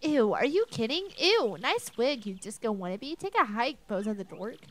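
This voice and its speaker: A woman's voice: on the high side, very animated, moderate pace. A woman voicing a sassy, rude young girl creature in a video game, snotty and dismissive. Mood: scornful.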